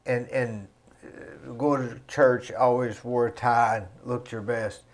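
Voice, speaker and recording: A man's voice: mid-range voice, steady tone, takes it slowly. A man hosting a studio talk show, asking his guest curious questions in a casual way. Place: recording studio.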